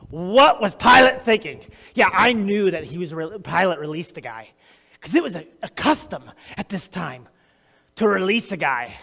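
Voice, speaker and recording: A man playing Barabbas, a manic gravelly criminal. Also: high voice, pushed and bright, heavily acted. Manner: boastful, erratic, talks straight to the audience. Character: notorious boastful male criminal, jittery and unhinged. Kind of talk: theatrical dramatic monologue. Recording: long echoey hall reverb.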